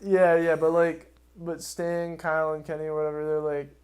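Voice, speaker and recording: Rambling, animated man on a podcast. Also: a little high, normal speed, smooth. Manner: rambling and animated, laughs often, swears. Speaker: podcast host. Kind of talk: casual podcast chat.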